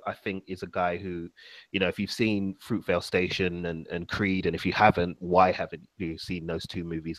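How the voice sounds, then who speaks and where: A young man hosts a casual podcast chat in a low voice. He talks loosely, with plenty of fillers and easy laughs. The sound is dry and close. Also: no echo. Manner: relaxed, many fillers, laughs easily. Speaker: podcast host.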